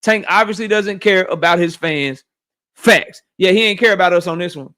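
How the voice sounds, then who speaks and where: A man with a high, bright, forceful voice hosting a boxing livestream. He rants fast and profanely, answering his chat in a loose, heated commentary style. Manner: animated, profane, rapid rants reading chat.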